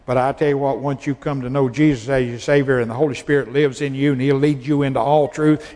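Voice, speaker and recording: A man's voice: mid-range voice, steady tone, brisk, few pauses, a little mellow, in a large hall. A male pastor preaching a sermon in a folksy way, repeating phrases for emphasis.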